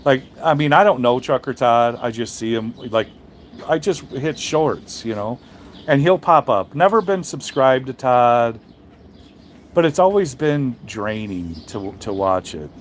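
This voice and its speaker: A man's voice: medium pitch, expressive, measured pace, slight background noise. A man who drives trucks, chatting casually on a live stream and answering viewers, blunt and profane, rambling with many restarts.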